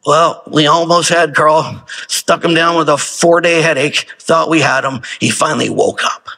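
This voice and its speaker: A man preaches with a husky, slightly high voice. He talks to his congregation in a loose, conversational way, throwing out rhetorical questions as he goes. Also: normal speed, bright, forceful tone. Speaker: pastor. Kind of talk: sermon.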